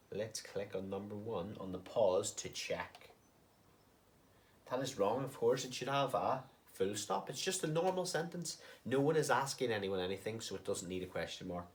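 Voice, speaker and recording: A man teaching a recorded online lesson to young children, patient and sing-song, with questions that rise at the end. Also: mid-range voice. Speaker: primary school teacher.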